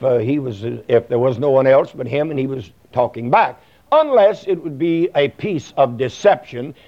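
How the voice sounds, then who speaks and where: A man's voice: medium pitch, vocal fry. A man preaching a sermon in a folksy, rambling way, full of fillers and plain talk. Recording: dull lo-fi recording.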